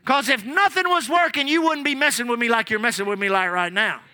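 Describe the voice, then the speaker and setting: Male preacher, storytelling sermon, very high sharp voice, dry close sound. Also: a little fast, dry recording. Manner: animated, repeats lines, calls out "amen".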